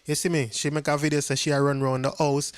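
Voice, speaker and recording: A man's voice: fairly high pitch, little pitch movement, fast talker, clear, resonant tone, no room sound. Chatty Jamaican man, dry close sound. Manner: chatty, repeats "you see me?". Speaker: channel host. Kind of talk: casual vlog commentary.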